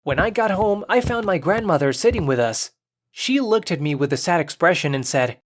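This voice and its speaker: A narrator telling a first-person story in an even, clearly paced storytime narration. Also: medium pitch, moderate pace, a little hiss or hum.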